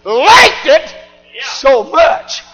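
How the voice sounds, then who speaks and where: A man preaching a sermon, shouting in call-and-response style. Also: very high-pitched, very animated, very slow, rough recording.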